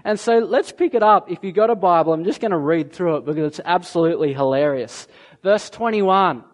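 A male preacher retelling and reading a scripture story in a sermon, animated and acting out the quoted voices. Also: high voice, fairly quick.

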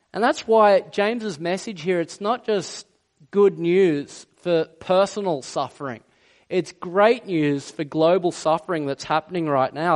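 A middle-aged man delivers a sermon in a fairly high, light voice. He speaks earnestly and slows right down to lean on the words that matter most. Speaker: pastor.

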